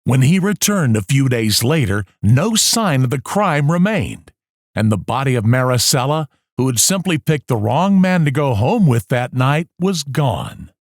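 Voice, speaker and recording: Man, documentary narrator, measured and even, dry close recording. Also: mid-range voice, no room sound.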